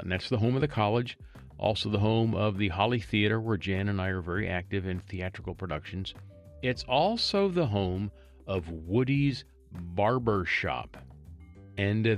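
A man reading a local news story aloud and adding chatty, wry asides as a storytelling host. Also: lowish voice.

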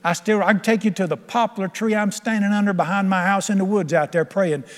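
A preacher, an older man, holds the pulpit with a high, bright-toned voice. His delivery is folksy and emphatic, and he laughs along with his own stories. The sound rings with the long reverb of a church sanctuary. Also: steady tone, brisk. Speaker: pastor. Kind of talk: sermon.

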